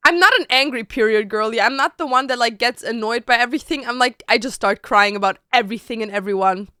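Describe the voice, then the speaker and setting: A woman streamer chatting casually to her viewers at home, expressive and slangy, full of "like". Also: fairly high pitch, fast talker, clear, resonant tone, no echo, clean studio sound. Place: home bedroom.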